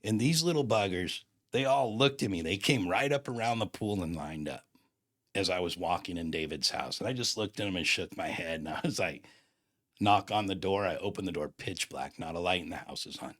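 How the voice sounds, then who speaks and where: A man's voice: sits low, brisk, a bit bright. A man in his fifties telling a personal story in a casual, slangy, emphatic way, acting out the dialogue. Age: 50s.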